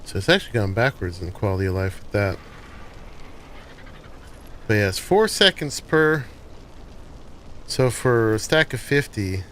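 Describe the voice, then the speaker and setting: A man talks through a survival-game building session in an easygoing, thinking-aloud way. His voice sits in a middle pitch, and a faint hiss stays underneath it. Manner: relaxed, thinking aloud while playing. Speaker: gaming channel host. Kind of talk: casual gameplay commentary.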